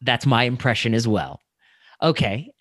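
A man who hosts a casual conversation about medical training, animated and full of fillers and restarts. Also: mid-range voice, normal speed, dry recording, studio quality.

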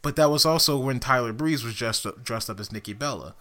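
A man co-hosting a podcast in casual chat, excitable, laughing often and swearing freely. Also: mid-range voice, fairly quick. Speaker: podcast co-host.

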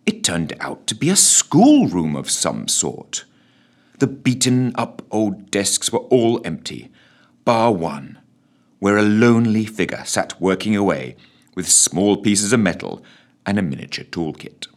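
A man's voice: deep voice, big pitch swings, measured pace. Wry man reading a comic tale. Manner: wry, mock-solemn delivery. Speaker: narrator. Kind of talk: comic storytelling.

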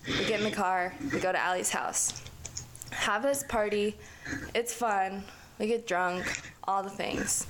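A woman's voice: medium pitch, a little hiss or hum. Young woman telling a slangy story. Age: young adult. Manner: slangy, profane, lots of "like" and "dude". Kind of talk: casual storytelling.

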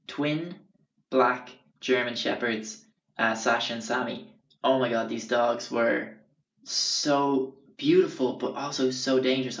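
A young Irish man rambles through his stories casually, swearing freely and filling gaps with "um" and "like." His voice sits at a middle pitch and echoes in a roomy space. The sound is dull and a little distant from the mic. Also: gravelly, fairly bright tone. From Ireland. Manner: rambling, sweary, lots of fillers. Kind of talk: casual storytelling.

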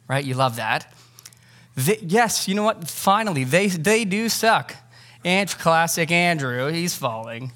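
A man preaching a sermon, lively and joking, acting out the disciples in quick asides. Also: fairly high pitch. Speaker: pastor.

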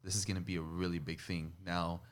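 A man with a fairly low voice hosts a relaxed interview. He asks long, wandering questions in a friendly, chatty way. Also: fast talker, clear, resonant tone. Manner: chatty, laughs easily, asks rambling questions. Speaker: podcast host.

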